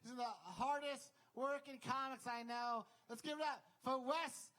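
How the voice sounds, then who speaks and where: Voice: sits high, fairly even intonation, normal speed, fairly bright tone. A host at a comedy club stage, bringing on comics with loose, offhand patter. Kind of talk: introducing comics.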